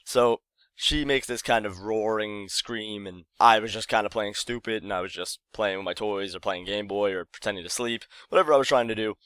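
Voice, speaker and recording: A man's voice: fairly low pitch, normal speed, fairly bright tone, clean tone, no room sound. A young man casually telling a childhood story to his viewers, rambling and correcting himself as he goes. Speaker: vlogger.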